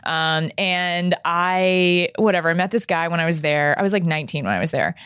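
A woman's voice: lowish voice, moderate pace, fairly bright tone, clear, resonant tone, dry recording, clean studio sound. A woman from Texas in her thirties, co-hosting a casual chat and telling a story in a rambling way, with lots of "like" and restarts. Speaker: podcast co-host.

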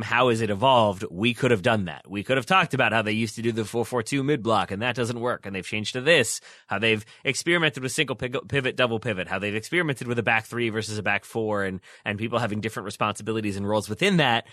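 On a casual soccer podcast, a male co-host with a bright, forward, mid-range voice breaks down tactics in long, animated run-on stretches. He keeps stumbling over his words and restarting, and the recording is dry and close.

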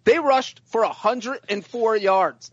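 A man with a high, light voice chatting about football on a podcast panel. He talks excitedly and trips over the first words of his sentences. The sound is dry and slightly muffled. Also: takes it slowly, breathy edge, no echo. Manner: excitable, repeats words when starting sentences. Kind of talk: casual sports chat.

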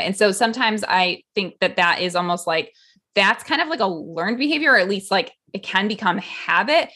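A woman's voice: medium pitch, pushed and bright. A woman and mother co-hosting a podcast, talking in a loose rambling way full of "like" fillers. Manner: rambling, heavy use of "like" fillers. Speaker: podcast co-host. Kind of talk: casual podcast chat.

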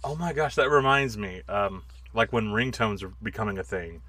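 A man's voice: on the low side, sharp tone. A young man co-hosting a casual podcast, chatting and joking with frequent laughs. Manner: laughing, joking, quick asides. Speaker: podcast co-host. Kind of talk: casual chat.

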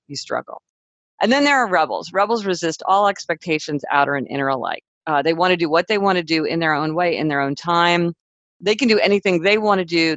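A woman in a casual interview, explaining ideas quickly and acting out little quoted exchanges. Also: fairly low pitch, dry recording, poor audio. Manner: quick, animated, acts out quoted people. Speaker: author guest.

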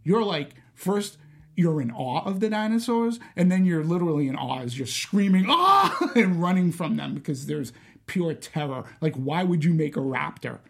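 A man talks through a film in a loose, animated podcast chat. His voice sits a little high for a man, and he stops and restarts his sentences as he works out his thoughts. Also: normal speed, vocal fry. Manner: animated, thinks aloud with many restarts. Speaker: podcast co-host. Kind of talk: casual film discussion.

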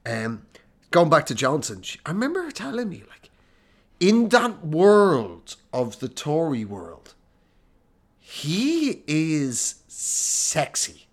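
An Irish man co-hosting a comedy podcast, telling stories in a lively way and laughing through his lines. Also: a little high, slow. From Ireland. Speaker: podcast co-host. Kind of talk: comedic storytelling chat.

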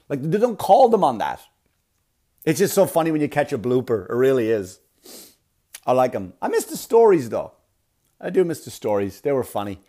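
A man performing a rambling stand-up comedy routine, full of filler words and quick asides. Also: mid-range voice, darkish tone. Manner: rambling, filler-heavy delivery with sudden breathy put-on voices.

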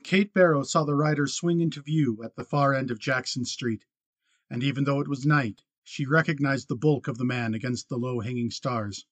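Male audiobook narrator, measured and even; dry, mid-pitched studio read. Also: dry recording, lo-fi sound. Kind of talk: scripted narration.

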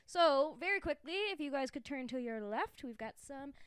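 A woman hosting a podcast in casual chat, talking quickly with frequent laughs and swearing. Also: sits high, expressive, no room sound. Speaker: podcast host. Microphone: studio mic.

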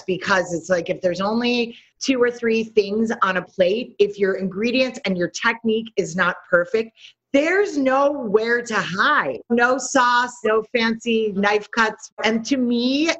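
A middle-aged woman chef in an interview, talking in an animated, storytelling way and laughing often. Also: medium pitch. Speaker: chef guest. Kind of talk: interview conversation. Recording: slightly dull lo-fi audio.

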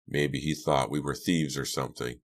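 A man's voice: very deep voice, steady tone, moderate pace, creaky. A man voicing a thoughtful teenage boy who reasons things out and soothes others, in an audiobook.

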